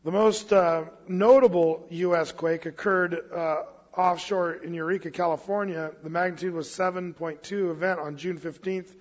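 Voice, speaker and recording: A man preaching a casual expository sermon as pastor, mixing scripture reading with relaxed storytelling. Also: high voice, moderate pace. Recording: muffled hall with long reverb.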